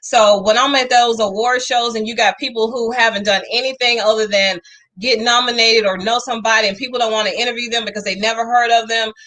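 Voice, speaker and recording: A talk show host with a bright, forceful voice. She gushes with emphatic praise and lays on the compliments, leaning into each one. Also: on the high side, steady tone, a little fast. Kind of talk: effusive interview chat.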